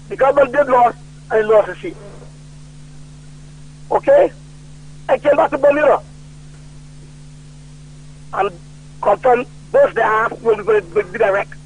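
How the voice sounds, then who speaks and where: A man calling in to a radio talk show, ranting loudly about politics and retelling old conversations. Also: extremely high pitch, moderate pace, pauses often, husky. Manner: loud and heated, retelling quoted conversations. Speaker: radio call-in caller. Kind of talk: political rant on a call-in show. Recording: tinny phone line.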